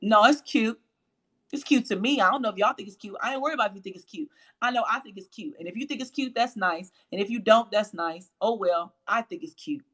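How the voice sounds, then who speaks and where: Hosting a faith-based livestream as a motivational speaker, a woman with a low voice preaches with emphasis and repeats phrases for effect. Her pace is fast and her tone fairly bright.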